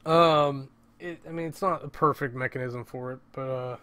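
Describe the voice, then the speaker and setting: A man's voice: mid-range voice, a little fast, heavy background noise. A man rambling casually at home in a vlog, interrupting himself and swearing often. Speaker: vlogger.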